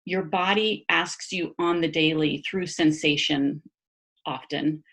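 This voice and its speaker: A low-voiced woman talks casually as a body-mind therapist guest. Her delivery is animated, with frequent laughter, fillers and restarts, and she sounds like she is on a video call. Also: slow pace, creaky. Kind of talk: casual conversational explanation.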